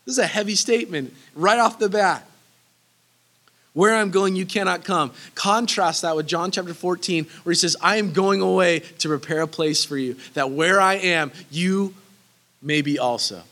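An earnest male preacher teaching verse by verse, pressing his point home by repeating key phrases. His voice sits high and rings bright and forceful. He slips into a casual, conversational aside now and then. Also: normal speed. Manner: casual asides that break into laughter. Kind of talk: sermon, verse-by-verse Bible teaching.

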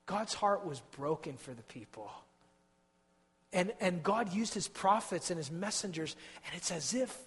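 A man preaching a sermon with passion, swinging from hushed tones to loud outbursts and repeating words as he builds. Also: fairly high pitch. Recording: long hall reverb.

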